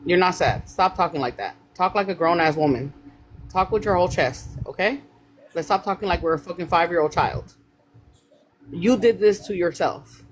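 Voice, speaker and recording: A woman's voice: lowish voice, moderate pace, slight background noise. A woman host who confronts a guest on a live call, swearing and repeating her questions.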